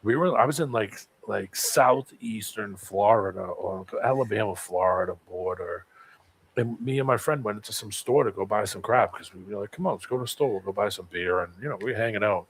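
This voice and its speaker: A man's voice: fairly low pitch, a little fast, slightly rough, poor audio. A man with a Boston accent telling a rambling anecdote in a casual chat, full of restarts. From Boston area. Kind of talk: casual podcast chat, storytelling.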